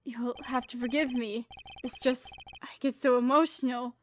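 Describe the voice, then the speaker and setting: A woman's voice: fairly high pitch, steady tone, normal speed, slight background noise, lightly acted. A woman voicing a sentimental, doting elderly man in a game read-through, speaking theatrically.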